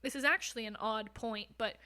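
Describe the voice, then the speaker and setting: A woman's voice: on the high side, brisk, pushed and bright, clear, resonant tone. A young woman guest telling her own story in a frank, casual way, swearing freely and laughing through hard moments. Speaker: podcast guest. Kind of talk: candid conversational storytelling.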